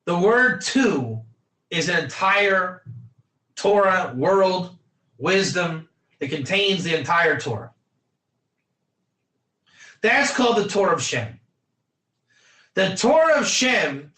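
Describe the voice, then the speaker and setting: Male teacher, bright and tense, drilling points home in a roomy space. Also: high voice, big pitch swings, slow pace, pauses often. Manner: emphatic, repetitive, quizzes students by name. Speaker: Torah teacher. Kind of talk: energetic classroom lecture.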